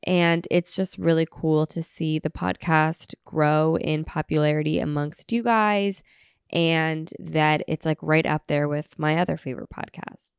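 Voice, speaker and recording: A woman's voice: low voice, fairly even intonation, measured pace, vocal fry, clean tone, no echo, studio quality. A young woman hosting a podcast in a casual, chatty way, sounding a little congested as she gets over an illness. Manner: chatty, uses "like" and "um" often. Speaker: podcast host.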